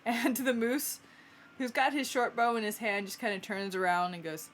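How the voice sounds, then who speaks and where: A woman narrating as game master of a tabletop game, unhurried and often laughing. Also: fairly high pitch, fairly even intonation, fairly bright tone, slight background noise.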